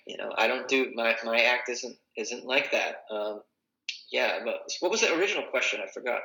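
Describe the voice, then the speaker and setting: Bright-voiced rambling comedian, roomy sound. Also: male voice, mid-range voice, normal speed. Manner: rambling, self-correcting, many fillers. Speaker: comedian and podcaster. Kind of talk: casual conversation.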